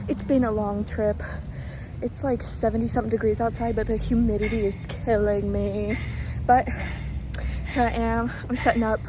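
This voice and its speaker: Young midwest woman vlogging on her phone, chatty, a bit high voice, lots of "like"s. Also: moderate pace, noisy background. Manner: excitable, swearing, lots of likes. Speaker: candle maker vlogger. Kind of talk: casual vlog chat. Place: outdoors at a market booth.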